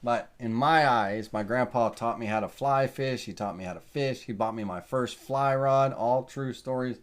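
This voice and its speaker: A middle-aged man with a Southern accent walks through a software tutorial in a loose, rambling way. He talks himself through each step with many ums and uhs. His voice sits at an ordinary middle pitch. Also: normal speed. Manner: relaxed, rambling, thinks aloud with many fillers.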